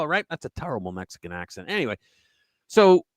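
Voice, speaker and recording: A middle-aged man hosting a live political commentary stream, animated and sarcastic, stopping to react while he reads headlines aloud. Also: fairly high pitch, fairly quick, no room sound. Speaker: host.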